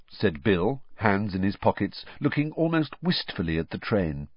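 A man narrates a storybook in a low, husky voice with a lively, rising and falling pitch. The recording is dry and close, with a slightly dull tone. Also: normal speed, few pauses, dry recording. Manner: expressive storybook reading. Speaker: audiobook narrator. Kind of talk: scripted narration.

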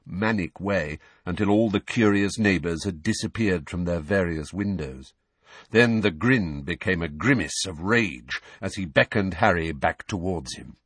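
A man narrating an audiobook in an expressive, dramatic storytelling manner, close to the microphone. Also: sits low, slightly rough, dry recording.

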